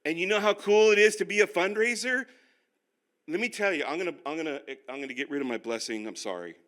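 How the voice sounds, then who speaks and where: An older male pastor teaching a finance class, telling animated, self-deprecating stories. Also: on the high side, fast. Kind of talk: sermon-style finance class.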